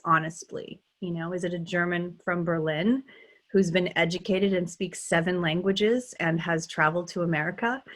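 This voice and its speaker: A woman's voice: lowish voice, fairly bright tone. A middle-aged woman, a dialect coach, talking casually in an interview, thinking aloud with frequent restarts and ums.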